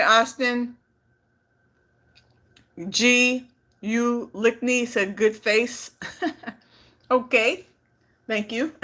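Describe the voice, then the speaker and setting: Bright-voiced woman chatting on a live stream. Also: a little high. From California, Bay Area. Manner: chatty, playful, reads comments aloud. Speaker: vlogger on a livestream. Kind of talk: casual live-stream chat.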